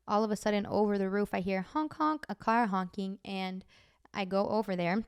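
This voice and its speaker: A woman's voice: medium pitch, fairly even intonation, normal speed, clean tone, no room sound, studio quality. A woman podcast host chattily telling dream stories, full of "like" fillers. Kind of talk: casual storytelling.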